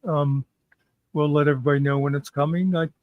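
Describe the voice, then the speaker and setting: A man's voice: fairly high pitch, fairly even intonation, fairly quick, no echo, narrow, tinny audio. A man co-hosting a casual chat, teasing with dry humor. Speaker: co-host. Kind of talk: casual banter.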